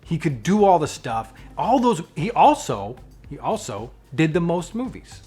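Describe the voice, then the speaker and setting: A man hosting his own vlog, chatting casually in a playful, animated way and joking about his strong opinions. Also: fairly high pitch, measured pace, breathy edge, faint music behind. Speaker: vlogger and channel host.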